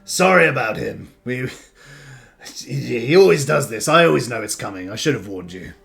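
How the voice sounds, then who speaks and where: A man's voice: medium pitch, animated, normal speed, vocal fry, fairly bright tone, soft background music. A man voicing a weary, patient caravan leader telling a tale. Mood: apologetic.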